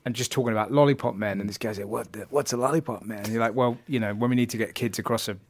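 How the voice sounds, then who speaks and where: A man's voice: fairly low pitch, rapid-fire. A man, a comedian chatting casually and telling travel stories with lots of laughter and restarts. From England. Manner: animated storytelling, laughs often, many restarts. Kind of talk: casual chat.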